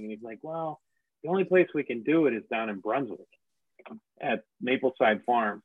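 A man's voice: mid-range voice, fairly quick, dry recording. A man tells the story of his business in a loose, conversational way, circling back with fillers and restarts and laughing at himself now and then. The sound is dry and narrow, like a phone line. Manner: rambling, many fillers and restarts, self-deprecating laughs. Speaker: franchise owner telling his business story. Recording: dry, tinny phone-like audio.

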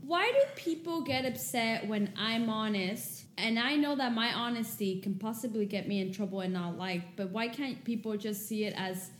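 A woman's voice: fairly high pitch, moderate pace, few pauses, echoey room. A woman co-hosting a podcast in casual chat, blunt and rambling, laughing often. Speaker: podcast co-host.

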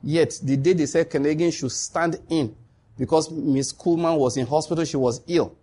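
A man delivers a sermon in an animated storytelling manner, acting out dialogue and laughing often. His voice is fairly high and has a husky edge. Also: normal speed. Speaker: preacher.

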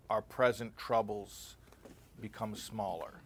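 A man teaching an informal class, telling stories and slowing down on key points. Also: lowish voice, fairly bright tone. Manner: conversational, storytelling, slows down on key points. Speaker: Torah teacher.

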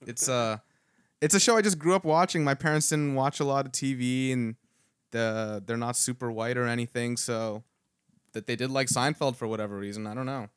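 A man's voice: medium pitch, normal speed, clear, resonant tone, no echo, clean studio sound. A man from Canada co-hosting a podcast, chatting casually, laid-back, swearing freely and saying "dude" a lot. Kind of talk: casual banter.

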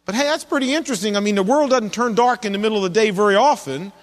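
A man's voice: high voice, racing, in a large hall. A man preaching a sermon in a conversational way, asking his listeners questions as he goes. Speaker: pastor.

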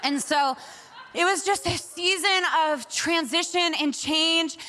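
A woman in her forties preaching a sermon, telling stories in an animated way and laughing often. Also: extremely high pitch, takes it slowly, slight background noise. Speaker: pastor.

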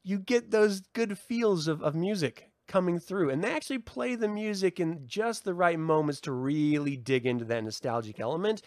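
A man hosting his own podcast, a profane, heated rant that swings between shouting and calmer explaining, recorded indoors. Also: sits high, normal speed, hardly any pauses, dry recording, clean studio sound. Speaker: podcast host. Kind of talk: ranting solo podcast. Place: indoor room.

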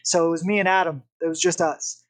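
A young man, a podcast guest, telling a story in a casual, animated way. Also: a little high, fairly quick. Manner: animated, vivid retelling with acted-out quotes.

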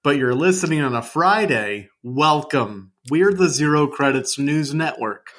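A man's voice: a little high, animated, a little slow, a bit bright. A man co-hosting a comedy podcast, riffing loosely and correcting himself as he talks. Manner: riffing, rambling, self-correcting. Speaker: podcast co-host. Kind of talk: comedic casual banter.

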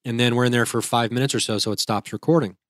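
A man's voice: medium pitch, steady tone, fast talker, dry recording, clean studio sound. A young man, a guest, retelling a frightening experience in a vivid, casual way with restarts. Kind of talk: casual storytelling.

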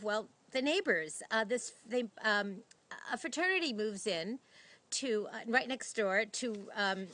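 A woman's voice: on the high side, sharp tone. A woman hosting a film review show, talking in a casual, gushing way with lots of fillers and restarts. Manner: gushing, chatty, rambling with many fillers.

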